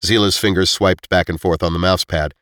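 A man narrating an audiobook with expressive storytelling. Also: low-pitched, fairly quick, dry recording.

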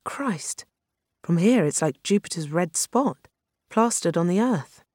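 A woman's voice: lowish voice, animated, slow pace, darkish tone, no room sound, clean studio sound. A reader voicing a nervous woman astronomer who gabbles when she is out of her depth. She talks in eager, breathless, self-deprecating bursts. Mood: awed. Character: nervous, chatty woman astronomer visiting the moon.

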